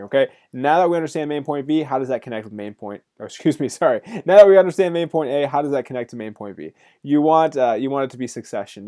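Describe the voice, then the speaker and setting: A male college instructor delivers a recorded course lecture at a brisk clip. He keeps it upbeat and jokey, talking straight to his students. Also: mid-range voice, darkish tone.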